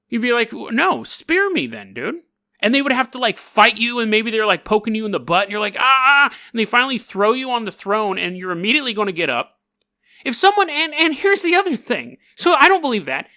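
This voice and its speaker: A male podcast host tells a history story in a casual, sarcastic way and keeps breaking off for jokes. His voice is bright and sharp, and his pitch swings widely. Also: vocal fry, dry recording, clean studio sound. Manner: sarcastic, animated, joking asides.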